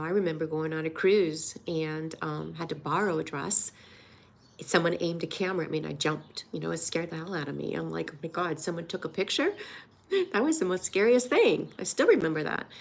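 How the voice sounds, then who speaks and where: A woman's voice: sits low, vocal fry. A woman in her sixties, a weight loss coach, talking earnestly and emotionally in a personal vlog, encouraging her viewers. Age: 60s.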